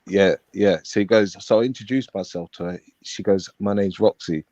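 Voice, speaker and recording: A man's voice: on the low side, moderate pace, a little mellow, no echo. A man telling a rambling story in street slang on a live panel stream. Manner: rambling, street slang, acts out quoted dialogue. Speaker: panel guest. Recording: dull lo-fi stream audio.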